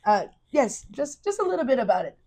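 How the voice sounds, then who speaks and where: A woman hosting an interview, asking eager questions with many restarts and quick affirmations. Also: high voice, big pitch swings, darkish tone. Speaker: host. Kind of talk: interview conversation.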